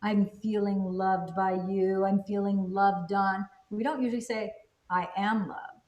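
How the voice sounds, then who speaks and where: In an echoey room, a host discusses a self-help book in a relaxed, instructive way, asking herself rhetorical questions and answering them with emphasis. Her mid-range voice keeps a fairly even intonation at a measured pace, and the highs are cut off.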